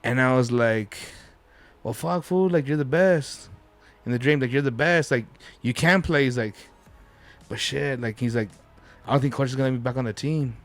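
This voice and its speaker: A man's voice: medium pitch, normal speed, faint music behind. A man telling a story as a podcast guest, rambling and swearing, with Spanish words dropped in. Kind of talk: casual storytelling.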